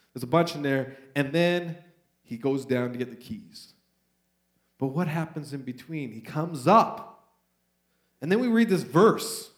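A man with a Canadian accent preaching a sermon in a church, animated and conversational as he reads and retells scripture. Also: fairly high pitch. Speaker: pastor. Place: church sanctuary. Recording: roomy church echo.

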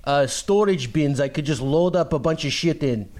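A man's voice: on the high side, animated, a little mellow, slight background noise, close to an everyday voice. A man putting on a fake-Russian prank caller. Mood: deadpan. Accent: put-on Russian, drifting toward a Dracula voice. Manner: halting, stammering, feigned naive. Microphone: phone call.

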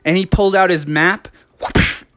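A man's voice: high-pitched, fairly even intonation, moderate pace, sharp tone, no room sound, clean studio sound. A man telling an improvised children's story live, rambling along with fillers and self-corrections.

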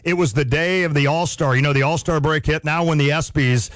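A man's voice: a little high, steady tone, fairly bright tone, no room sound, studio quality. Chatty male sports radio host. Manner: chatty, self-deprecating, quick asides. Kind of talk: casual sports radio chat.

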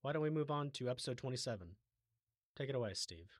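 A man co-hosting a podcast, chatting casually in a relaxed, opinionated way and steering the show along. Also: medium pitch, quick pace, no echo, clean studio sound. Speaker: podcast co-host.

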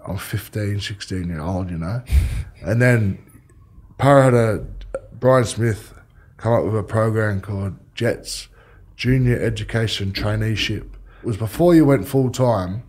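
Low-voiced Australian man telling footy stories. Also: a little slow, darkish tone. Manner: rambling storyteller, swears freely. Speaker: guest, former rugby league player. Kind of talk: casual chat.

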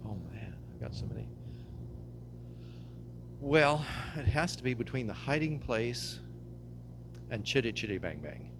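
A man's voice: mid-range voice, big pitch swings, measured pace, pauses often. An older man, a pastor, talking casually in an interview, easygoing and laughing often. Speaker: pastor guest. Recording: audible background hum.

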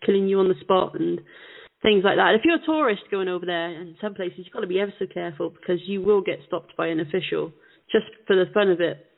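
A woman co-hosting a casual call-in talk show, chatting in a relaxed, agreeable way. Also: on the low side, fast, gravelly. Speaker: co-host. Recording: phone line.

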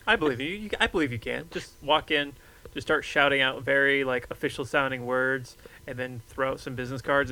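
A man's voice: medium pitch, a little fast, bright, forceful tone, slight background noise, rough recording. A man chatting casually, joking and ranting playfully. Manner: jokey, playful rants. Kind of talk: casual chat.

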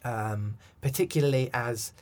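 A man's voice: medium pitch, a little slow, a little mellow. A man, a coach, answering interview questions thoughtfully with frequent restarts and ums. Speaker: accent coach.

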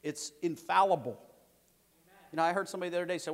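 In a quick-paced sermon, a pastor with a fairly high voice hammers words home through repetition. He moves between loud, forceful declarations and quieter asides, all ringing with long church reverb.

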